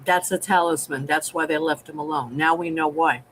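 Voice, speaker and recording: A woman's voice: low-pitched, fairly even intonation, moderate pace, a little hiss or hum, rough recording. A woman co-hosting a casual live recap, giving short agreeing replies and laughing often. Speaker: co-host.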